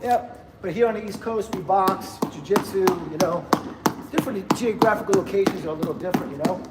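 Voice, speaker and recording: A man's voice: high-pitched, brisk, very noisy. A man in his fifties chatting casually on a livestream from a gym, rambling and laughing often as he greets viewers. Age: 50s.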